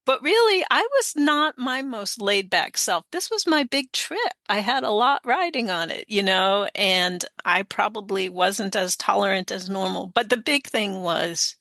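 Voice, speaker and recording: Bright-voiced woman in her sixties. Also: medium pitch, dry recording, studio quality. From United States. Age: 60s. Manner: chatty, laughs often, many fillers. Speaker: guest author. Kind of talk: conversational interview.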